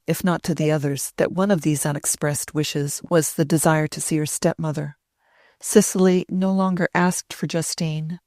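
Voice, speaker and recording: Low-pitched lady reading an old novel, dry close sound, slow and deliberate. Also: a little mellow, no echo. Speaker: audiobook narrator. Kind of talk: audiobook narration of a classic novel.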